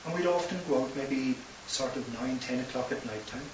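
A man's voice: medium pitch, brisk. A man with an Irish accent preaching a sermon, telling stories and building to impassioned emphasis. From Ireland. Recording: roomy distant hissy lo-fi recording.

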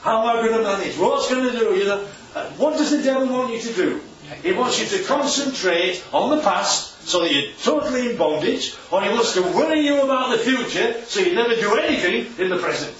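Here a preacher talks briskly, his high voice expressive and a little bright, as he teaches Scripture to a small congregation. Questions for the audience come constantly, along with humorous remarks, all heard through a roomy, far-off, dull lo-fi room recording.

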